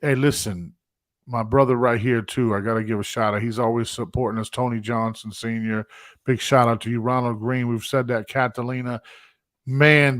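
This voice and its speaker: A man hosting a live stream, reading viewer comments and giving excitable, effusive shout-outs. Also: medium pitch, moderate pace, dry recording, studio quality. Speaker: host.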